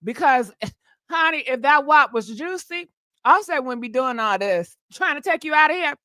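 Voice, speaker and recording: A woman hosting a casual gossip livestream, sassy and animated, chatting to viewers and laughing often. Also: high-pitched, normal speed, no echo, studio quality. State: short of breath.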